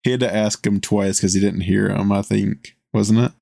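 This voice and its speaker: A man on a casual podcast speaks low and gravelly, earnest as he insists his story is true. He is miked close and dry, with no room around his voice. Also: steady tone, moderate pace, mellow, no room sound. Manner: earnest, insists he's not lying. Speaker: podcast co-host.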